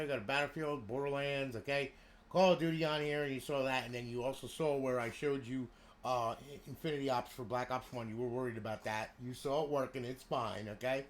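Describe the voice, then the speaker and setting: A middle-aged man from New Jersey with a New Jersey accent, talking bluntly and rambling on a casual livestream while he shows off a console he modded and sells. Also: mid-range voice.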